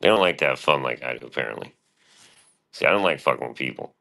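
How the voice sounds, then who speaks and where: A man's voice: very deep voice, animated, quick pace, gravelly, pushed and bright. A man streaming, talking in a rambling, boastful, swear-filled monologue.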